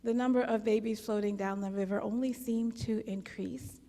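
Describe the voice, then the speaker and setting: A woman leading a congregation service, telling a parable in an unhurried, gentle storytelling manner. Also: mid-range voice, fairly even intonation. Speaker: worship leader. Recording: long hall reverb.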